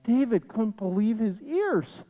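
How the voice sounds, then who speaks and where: A storyteller narrating a children's story with an animated, sing-song delivery. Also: medium pitch, a little slow, long reverb tail. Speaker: storyteller at a congregation livestream. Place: synagogue sanctuary.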